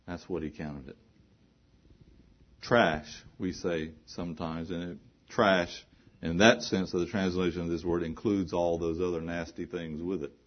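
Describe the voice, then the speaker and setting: A man with a very low voice preaches a sermon, pressing his points through repetition and rhetorical questions. The recording is dull and lo-fi, with the top end muffled. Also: fairly even intonation, a little slow.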